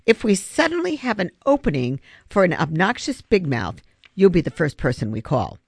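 Reader doing a bossy kid planner, dead serious, lively pitch, close dry sound. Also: normal speed, vocal fry, breathy edge, no room sound, full character voice. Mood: intense. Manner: intense, commanding. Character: determined schoolboy ringleader planning a heist. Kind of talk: audiobook character voice.

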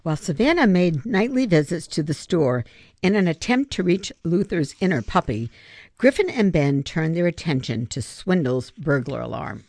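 An audiobook reader giving expressive scripted narration. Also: medium pitch, moderate pace, no echo. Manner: expressive storytelling.

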